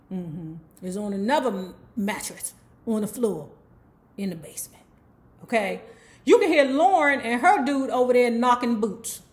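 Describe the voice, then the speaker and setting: A woman casually retelling a novel's plot as a book club host, chatty and profane, with personal asides to the listener. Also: mid-range voice. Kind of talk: casual book recap storytelling.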